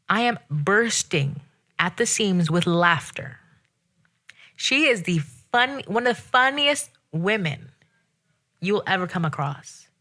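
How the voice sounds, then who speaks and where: Woman host, solo rant; bright, forceful tone; sassy, exasperated, animated. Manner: animated, exasperated, sassy with sudden pitch jumps. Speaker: podcast host.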